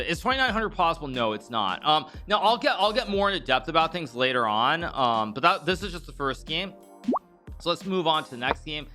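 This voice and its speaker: A man's voice: a little high, pushed and bright. A man in his thirties giving casual live-stream commentary on chess games, thinking aloud with restarts and fillers. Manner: thinks aloud with frequent restarts and fillers, reads out donor thanks quickly.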